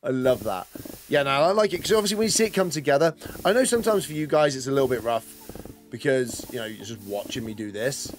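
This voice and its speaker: A man's voice: mid-range voice, expressive, fast, soft background music. A man chatting casually while streaming a game, rambling and greeting and answering viewers as he plays. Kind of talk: casual live-stream commentary.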